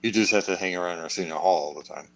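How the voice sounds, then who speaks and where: Deep, fast-talking man with blunt remarks. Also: poor audio. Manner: blunt, matter-of-fact. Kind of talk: casual chat on a live stream.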